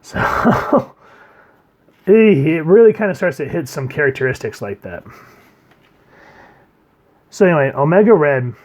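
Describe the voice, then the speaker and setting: A man's voice: animated, measured pace, long pauses. Rambling man reviewing comics. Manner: rambling, trails off quietly at line ends, reads quotes in a low murmur.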